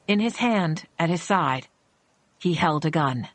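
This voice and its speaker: A woman with a lowish voice narrating a suspense audiobook, measured and tense. The recording is close and completely dry. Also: lively intonation, no echo. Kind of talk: scripted thriller narration.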